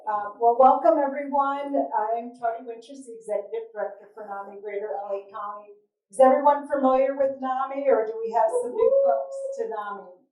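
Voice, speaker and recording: A woman's voice: on the high side, animated, a little fast, narrow, tinny audio. A woman, the executive director of a nonprofit, welcoming a live audience and explaining what her organization does. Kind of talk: welcome speech at a live event. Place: event venue before a live audience. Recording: echoey room recorded from a distance.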